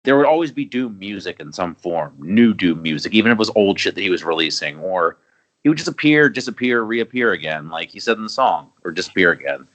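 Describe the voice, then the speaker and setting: A man's voice: low voice, animated, a little fast, a bit bright, rough recording. A man hosting a podcast in a casual, rambling chat, swearing and restarting his thoughts often. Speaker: podcast host.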